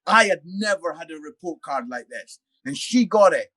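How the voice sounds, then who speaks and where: A father chatting casually as a podcast guest, telling a self-mocking story in an animated way. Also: a little high, moderate pace. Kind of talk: casual chat.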